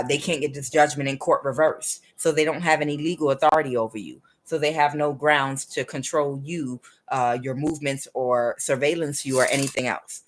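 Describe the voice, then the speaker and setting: Low-voiced woman giving a rambling tarot reading. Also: a little hiss or hum. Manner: meandering and conversational, often drifting into chatty asides. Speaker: tarot reader. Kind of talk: casual spoken tarot reading.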